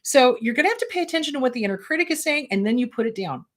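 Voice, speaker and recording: A woman's voice: high-pitched, animated, rapid-fire, fairly bright tone. A woman therapist and host, answering viewer questions in a blunt, emphatic, casual way.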